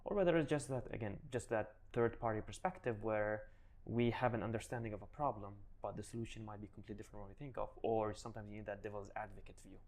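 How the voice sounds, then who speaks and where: A man speaking as the guest in a business interview, relaxed and often restarting his sentences. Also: fairly low pitch, fast. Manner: relaxed, many restarts and "you know". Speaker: guest, digital advisor. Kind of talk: casual interview answers.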